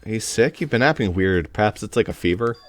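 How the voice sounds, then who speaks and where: A man's voice: on the low side, expressive, fast, faint music behind. A man hosting a game playthrough, reading the narration aloud with joking asides.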